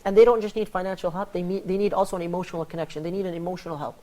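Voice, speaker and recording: A man hosting a religious panel talk on charity, telling stories in an animated way and acting out the quoted lines. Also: high-pitched, very fast. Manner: animated storyteller, acts out quoted dialogue. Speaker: host.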